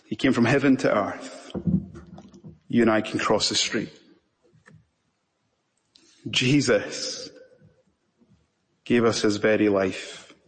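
Scottish preacher in a reverberant hall. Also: male voice, fairly low pitch. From Scotland. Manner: impassioned preaching with long pauses. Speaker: pastor. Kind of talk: sermon. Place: church sanctuary.

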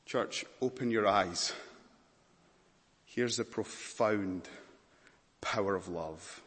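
A man's voice: on the low side, slow pace, pauses often, fairly bright tone, big-room sound. A man preaching a dramatic sermon in a church, questioning the congregation intently.

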